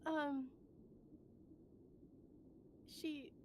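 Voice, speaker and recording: A woman playing a tabletop game, speaking casually and haltingly, often laughing. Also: sits high, flat delivery, a little hiss or hum. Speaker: player.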